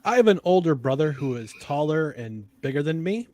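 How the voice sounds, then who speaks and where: A man's voice: on the high side, sing-song, brisk, darkish tone. A man on a sports podcast panel making his pick with blunt jokes. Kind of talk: casual sports chat.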